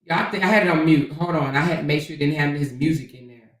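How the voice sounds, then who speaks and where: A woman's voice: low-pitched, fast talker, distant mic. A woman hosts a livestream, talking bluntly and sassily, swearing freely and calling listeners honey and child. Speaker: livestream host. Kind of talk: casual livestream commentary. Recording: echoey room, off mic.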